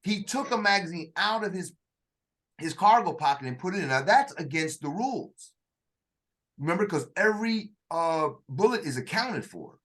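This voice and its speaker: A man with a somewhat high voice tells a story from his own life in relaxed conversation. He stops and restarts often, searches for words, and slips into the voices of the people he is quoting. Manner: halting, with frequent restarts and acted-out quotes. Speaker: author telling his story.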